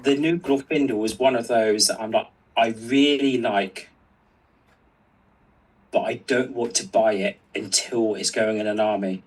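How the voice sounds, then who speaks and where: Brief: male co-host on a stream, husky tone, off-mic, halting delivery. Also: on the low side, fairly even intonation, recorded from a distance, low-quality recording. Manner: hesitant, with fillers before reading out comments. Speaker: co-host reading viewer comments. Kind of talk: casual chat.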